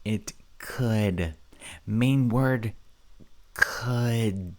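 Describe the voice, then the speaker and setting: A man's voice: lowish voice, drawn-out words. A man giving casual, exasperated reaction commentary, sarcastic and mocking.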